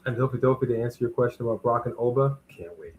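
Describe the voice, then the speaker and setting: Animated man co-hosting a wrestling stream. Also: medium pitch, quick pace, dull audio. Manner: animated, reads out viewers' greetings and weather. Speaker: co-host of a wrestling watch-along. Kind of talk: casual live-stream chat.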